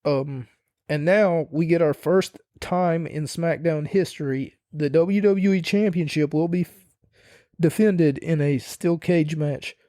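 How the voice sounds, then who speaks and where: A young man talks through a wrestling-style review in a loose, rambling way, opinionated and quick to swear. His voice sits a little high for a man yet sounds soft and mellow, recorded dry and close with no room around it. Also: no room sound. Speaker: podcast host. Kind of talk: casual wrestling review monologue.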